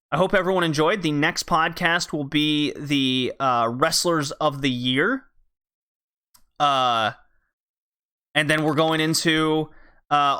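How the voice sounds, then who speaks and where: Podcast host, male, fairly high-pitched, casual and blunt, swears freely. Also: pushed and bright, smooth. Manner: blunt and profane, loose with fillers. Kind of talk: casual wrestling podcast recap.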